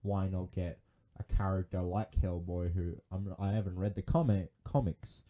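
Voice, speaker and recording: Low, dark-voiced man rambling on a podcast. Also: steady tone, normal speed. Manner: rambling, restarts, laughs often. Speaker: podcast co-host, film critic. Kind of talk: casual podcast chat.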